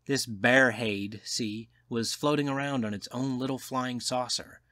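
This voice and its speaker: A man's voice: mid-range voice, fairly even intonation, measured pace, sharp tone, dry recording, studio quality, pitched above the performer's own voice. A man doing a wry, cynical journalist. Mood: amused storytelling. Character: wry cynical male journalist, lecturing, worldly. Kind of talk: audiobook character voice.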